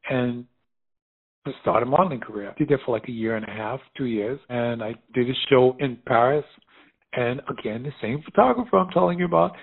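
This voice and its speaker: Middle-aged American man, husky voice, spirited storyteller who laughs easily; narrow phone-like audio. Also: mid-range voice. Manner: animated, laughs often, lively retelling with quoted voices. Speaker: fashion designer guest. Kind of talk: casual storytelling conversation.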